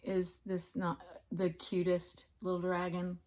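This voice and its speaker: A woman's voice: lowish voice, monotone, takes it slowly, darkish tone. A woman in a casual home crafting vlog, chatting in a rambling, fond way about her finished projects. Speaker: crafting vlogger. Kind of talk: casual chat.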